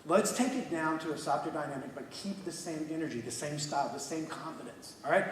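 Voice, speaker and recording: A man coaching a student orchestra, energetic and encouraging, with quick bursts of praise. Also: fairly high pitch, slight background noise. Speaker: orchestra clinician. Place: large hall with an orchestra. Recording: echoey hall from far off, orchestra music.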